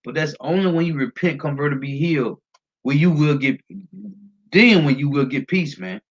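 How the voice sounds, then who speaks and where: A man delivers a street-style sermon, reading scripture and breaking it down in an emphatic, repetitive way. His voice sits fairly high for a man. The recording is dull and lo-fi. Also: normal speed, slightly rough. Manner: emphatic, repetitive, ends phrases with a low "man". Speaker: preacher.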